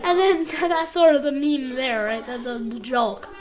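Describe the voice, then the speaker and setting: A woman with a high voice recaps an anime episode in a loose, rambling way. She leans on fillers and hops into snippets of dialogue as she goes. The tone is casual and chatty throughout. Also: lively intonation, a little mellow. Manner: rambling, full of fillers and quick impressions. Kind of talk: casual video review.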